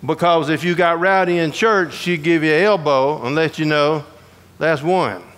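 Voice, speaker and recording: A man from Georgia, preaching a humorous storytelling sermon to a prison audience in a folksy, animated way. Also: a little high, normal speed, clean tone. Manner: folksy, animated, acts out voices in his stories.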